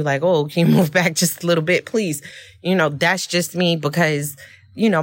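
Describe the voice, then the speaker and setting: A woman hosting a podcast, telling a personal story in a candid, expressive way and often laughing. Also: low voice, no echo. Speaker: podcast host.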